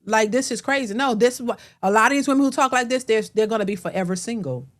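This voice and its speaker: Woman ranting on a reaction vlog, high voice, blunt and emphatic, cusses a lot. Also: expressive, fast. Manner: blunt, emphatic, profane, addresses viewers directly. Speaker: reaction video host.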